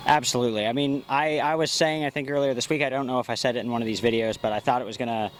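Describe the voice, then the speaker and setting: A man's voice: mid-range voice, steady tone, racing. A man co-hosting a casual motorsport recap, hesitant with frequent ums and restarts. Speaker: racing show co-host.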